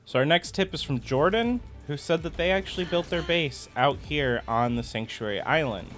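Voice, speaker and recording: A man's voice: a little high, animated, normal speed, fairly bright tone, faint music behind. A man giving casual gameplay commentary, chatty and explaining things step by step as he plays. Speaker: gaming content creator.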